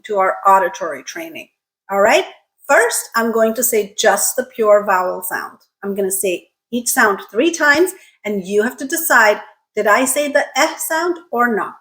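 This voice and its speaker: A woman teaching an online pronunciation lesson, enunciating carefully, drilling sounds slowly and checking in with "okay?". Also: a little high, expressive, fairly bright tone.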